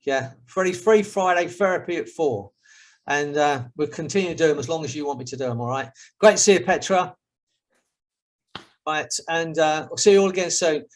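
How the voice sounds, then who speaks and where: A middle-aged man with a London accent, a hypnotherapist guiding a group over a video call in a calm, steady way and chatting with them afterwards. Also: on the high side, fairly quick. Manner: soothing counting suggestions, then chatty and upbeat. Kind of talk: hypnotherapy session and casual group chat.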